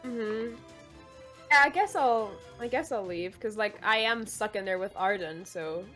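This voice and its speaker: A woman's voice: mid-range voice, measured pace, a bit bright, faint music behind. A woman playing in a tabletop game, giggly and hesitant, with lots of filler sounds. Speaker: player. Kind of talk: casual chat during a tabletop game.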